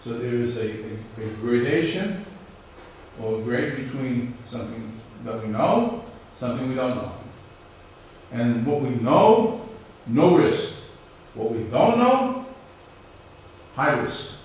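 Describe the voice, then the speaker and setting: A man's voice: mid-range voice, lively intonation, takes it slowly, a little hiss or hum. Male professor, lecture delivery, rhetorical questions, heavy room echo, distant mic. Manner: repeats himself, asks rhetorical questions. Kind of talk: classroom lecture. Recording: echoey lecture hall, far from the mic.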